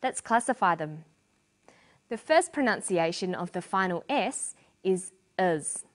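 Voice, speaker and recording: A woman narrating a scripted English lesson as a teacher, speaking clearly and deliberately. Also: lowish voice, lively intonation.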